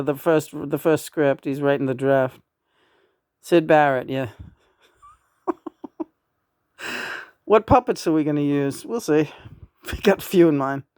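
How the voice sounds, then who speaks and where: A woman's voice: low-pitched, smooth, no room sound, clean studio sound. A woman in her sixties chatting casually in a rambling, profane way, often breaking into chuckles. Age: 60s. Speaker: vlogger.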